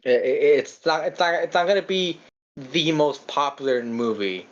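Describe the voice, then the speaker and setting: Chatting about a film on a casual podcast, a male co-host speaks at normal speed, stammering through restarts and dropping the odd curse as he rambles. The recording is somewhat dull and lo-fi with the high end cut.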